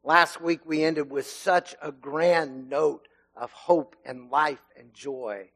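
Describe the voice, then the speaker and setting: Man, middle-aged, lay preacher, sermon, conversational storytelling, slightly high voice. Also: fairly even intonation, slow, fairly bright tone. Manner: conversational storytelling with fillers, growing emphatic. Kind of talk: sermon with personal story and scripture reading.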